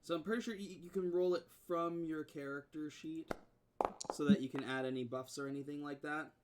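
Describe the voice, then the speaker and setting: A man's voice: on the high side, steady tone, fairly quick, a little hiss or hum. A man narrating as game master of a tabletop game, describing scenes in a rambling way full of fillers.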